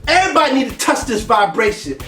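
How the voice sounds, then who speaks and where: High-voiced animated man, roomy distant sound. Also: fast talker. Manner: animated, scats rhythms and laughs often. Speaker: podcast co-host. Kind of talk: casual chat. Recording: roomy, far from mic, faint music.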